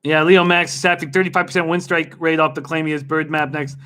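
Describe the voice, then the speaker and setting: A young man hosts a casual live stream, excitable and quick to laugh as he reacts to viewers by name. His voice sits high for a man and rings bright and forward. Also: clear, resonant tone. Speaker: livestream host betting on horse races.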